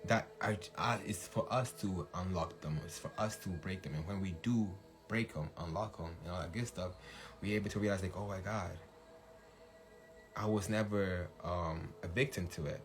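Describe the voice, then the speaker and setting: A man hosting a casual livestream talk, animated, laughing often and shouting when he acts out hype, with faint music behind. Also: low voice, moderate pace. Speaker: podcast host.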